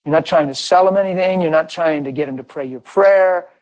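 A middle-aged preacher from Pennsylvania with a somewhat high voice, telling stories in a loose, conversational sermon. He leans hard on his points and keeps asking the crowd questions, then answering them himself. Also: brisk, a little mellow, muffled recording. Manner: emphatic, asks rhetorical questions and answers them.

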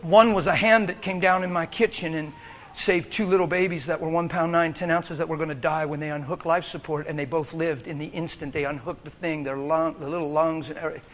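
A man preaching a sermon, telling a story with animated bursts of shouting and laughter. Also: fairly high pitch, brisk, slight background noise.

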